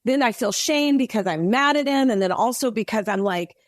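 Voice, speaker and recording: A woman guest on a podcast, telling an earnest, animated faith story with many restarts. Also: fairly high pitch, brisk, no echo, studio quality. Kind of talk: faith testimony in casual interview.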